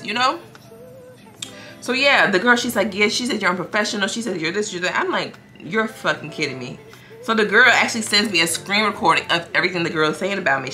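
Young woman, bright forceful voice, lowish pitch, casual profane storytime, faint music underneath. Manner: animated, profane, slangy storytelling, quoting others in a higher voice. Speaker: vlogger telling a story.

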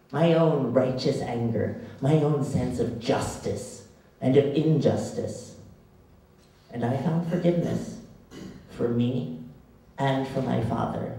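A man performing spoken word poetry on a live stage, dramatic and rhythmic with long pauses. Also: mid-range voice, vocal fry, warm tone. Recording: echoey hall, distant mic.

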